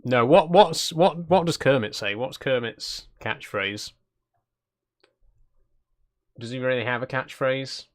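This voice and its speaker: A man with a medium-pitched voice speaks slowly and pauses often. He hosts a cozy game livestream in a relaxed, chatty way, laughing while reading chat suggestions aloud and trailing off into self-deprecating asides.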